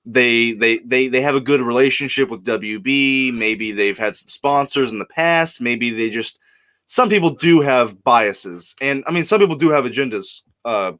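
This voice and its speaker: A man's voice: medium pitch, moderate pace. Texas guy on a live stream, mid voice, easygoing rambly chat, stumbles over first words. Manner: relaxed, chatty, repeats words when starting sentences.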